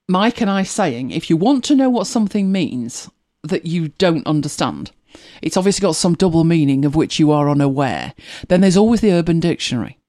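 A host chatting casually and retelling a TV scene, animated and laughing often. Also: medium pitch. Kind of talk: casual storytelling chat.

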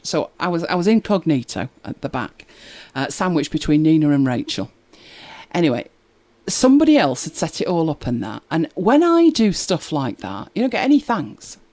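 A woman's voice: sits low, dark tone. A woman hosting a live stream, chatting casually and telling stories as she reads out viewer comments, laughing often. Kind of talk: casual chat.

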